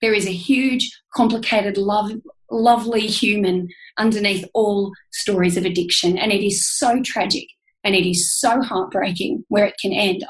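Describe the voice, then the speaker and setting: A woman's voice: medium pitch, steady tone, moderate pace, rough recording. A woman with an Australian accent, speaking as a guest on a podcast in an earnest, heartfelt and emphatic way. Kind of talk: candid interview talk.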